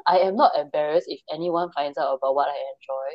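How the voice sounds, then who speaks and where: A woman's voice: deep voice, fast talker, no echo, muffled recording. A woman co-hosting a casual podcast chat, talking in a chatty way and reading sources aloud. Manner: chatty, reads sources aloud, laughs at herself. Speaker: podcast co-host. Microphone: remote call.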